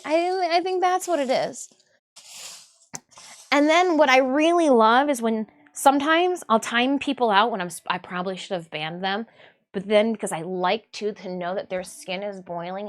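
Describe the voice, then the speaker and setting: A woman's voice: on the high side, normal speed. A young adult woman from Michigan, hosting her own livestream in casual, rambling chat, restarting her sentences and laughing often. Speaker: livestreaming artist and host.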